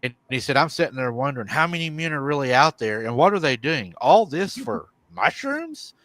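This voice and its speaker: A man's voice: mid-range voice, quick pace, no room sound. Guy on a live stream telling a viewer's story, laughs a lot, dry sound. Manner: animated storytelling, chuckling often. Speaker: paranormal show host.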